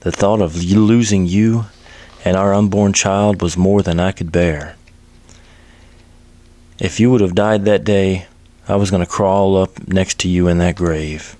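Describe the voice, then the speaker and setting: Tough devoted cowboy, voiced by a man; low, gruff drawl, dry. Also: steady tone, measured pace, dark tone, no room sound. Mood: tender. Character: tough, devoted young cowboy, protective husband.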